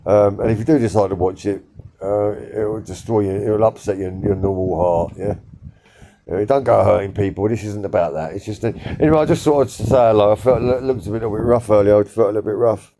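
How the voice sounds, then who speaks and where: Low, mellow-voiced man. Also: fairly quick, a little hiss or hum. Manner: rambling, with many fillers and repeated words; blunt and swearing. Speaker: social media vlogger. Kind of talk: casual talk to camera.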